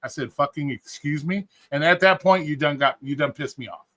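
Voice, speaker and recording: A man's voice: fairly high pitch, fast, pushed and bright. A man telling stories on a live stream in a casual, blunt and profane way. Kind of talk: casual storytelling.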